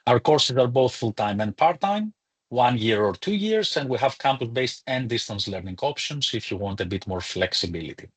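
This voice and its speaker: A man's voice: mid-range voice, animated, normal speed, breathy edge. A man, a lecturer, hosting a live online webinar in a chatty, welcoming way with some fillers, speaking into a computer mic.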